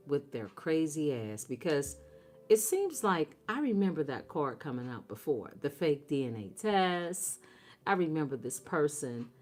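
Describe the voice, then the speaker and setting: A woman with a low voice delivers a tarot reading at a slow, unhurried pace, swinging her pitch widely for emphasis. She is blunt and profane and talks straight to her viewers, with faint music playing underneath. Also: a little mellow. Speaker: tarot reader.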